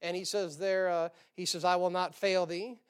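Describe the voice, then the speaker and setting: A male pastor preaching with a high-pitched, clear and resonant voice. He keeps things folksy and joking, chuckling between points and firing rhetorical questions at his listeners. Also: little pitch movement, normal speed. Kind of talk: sermon.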